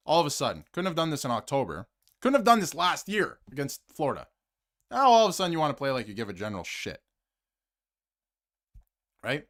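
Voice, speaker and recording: A man with a mid-range, fairly bright voice rants heatedly about his hockey team on a sports commentary stream, talking solo to camera and reading super chats. He repeats phrases for emphasis and drops into muttered asides.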